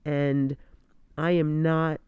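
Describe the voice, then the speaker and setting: A woman's voice: sits low, little pitch movement, drawn-out words, clear, resonant tone, no room sound, muffled recording. A woman podcast host, sick with a scratchy voice, talking frankly through a mask from her bedroom at night and laughing often. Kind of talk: candid casual monologue. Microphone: home studio mic at end of bed.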